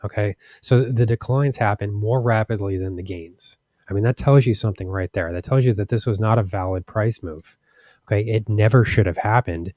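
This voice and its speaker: A man's voice: lowish voice, normal speed, darkish tone, no room sound, studio quality. A man hosting a stock market channel, speaking frankly and with exasperation over charts, with many restarts and fillers. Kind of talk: casual commentary over charts.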